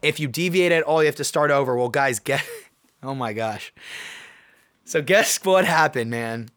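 A young man hosting his own podcast, telling a personal story in an animated, excitable way. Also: medium pitch, moderate pace, clear, resonant tone. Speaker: podcast host. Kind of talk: casual solo podcast monologue.

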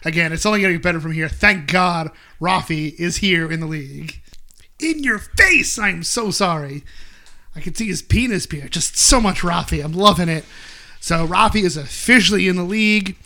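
Bright high-voiced man recapping a show. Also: a little fast. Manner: animated, quotes characters in bursts. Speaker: podcast host. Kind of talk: casual episode recap chat.

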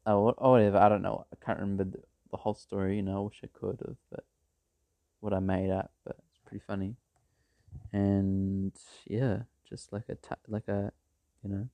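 A man's voice: on the low side, dark tone, no echo. A man telling a made-up story in a rambling, casual way, full of fillers and restarts. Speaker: vlogger.

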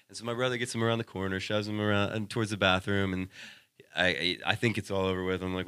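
A man's voice: medium pitch, steady tone, quick pace, pushed and bright, clean tone, no room sound, studio quality. A young man co-hosting a podcast, telling a long story in casual chat, rambling with constant "like" and "dude" and heavy swearing. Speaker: podcast co-host.

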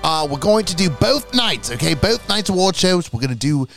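Brief: male co-host, high gravelly voice, jokey and profane, casual chat. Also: normal speed, soft background music. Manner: joking, animated, swears freely. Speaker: co-host of a wrestling show.

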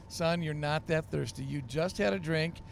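A man's voice: fairly high pitch, moderate pace, vocal fry, slight background noise. Man playing a fed-up, stern dad. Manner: firm, scolding, increasingly irritated. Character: tired, exasperated father putting son to bed.

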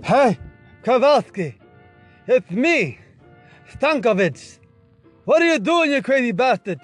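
A man voicing an excitable, panicky man who scolds a friend theatrically in a comedic voice message. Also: very high voice, takes it slowly, husky, soft background music, heavily acted. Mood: scolding.

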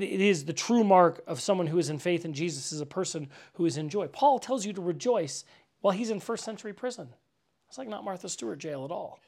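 A man's voice: high voice, a little mellow. A man giving a casual sermon as pastor, conversational and full of "like" fillers, stressing words with repetition. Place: church gathering.

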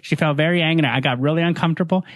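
A man's voice: on the high side, rapid-fire, dry recording. A man with a Chicano accent, chatting casually and telling a ghost story with lots of acted-out voices. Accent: Chicano English. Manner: animated storyteller, acts out voices and laughs often.

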